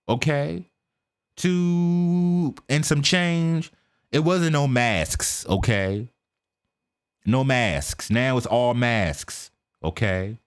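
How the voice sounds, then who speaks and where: An American man with a mid-range voice streams live reactions, offering casual, talkative commentary. He keeps checking in with "okay?" and quietly mutters to himself while setting things up.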